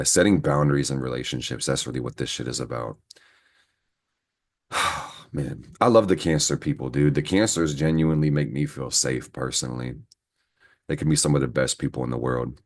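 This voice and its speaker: A man giving a casual, profanity-laced astrology reading, rambling and venting heatedly as he talks to his viewers. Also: rumbling low. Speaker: astrology reader. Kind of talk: casual horoscope reading to camera.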